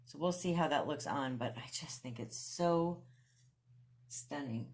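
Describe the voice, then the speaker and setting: Low-voiced chatty woman vlogger. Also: measured pace. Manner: chatty and enthusiastic, laughs often. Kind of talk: casual thrift haul and try-on chat.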